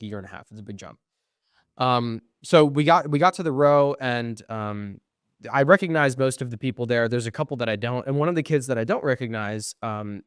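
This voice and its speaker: A young man co-hosts a podcast in a mid-range, smooth voice, recorded dry with studio quality. He animatedly tells a long casual story, acting out quoted exchanges, saying "um" often and swearing when frustrated.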